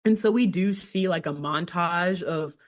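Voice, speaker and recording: A woman co-hosting a podcast, retelling a cartoon episode in casual chat with animated storytelling and lots of filler words. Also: fairly low pitch, measured pace. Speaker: podcast co-host.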